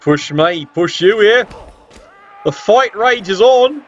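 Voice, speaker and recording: High-pitched sarcastic commentator. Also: male voice, takes it slowly, muffled recording, slight background noise. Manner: sarcastic, excitable, swears often. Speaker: game commentator. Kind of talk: tabletop video game commentary.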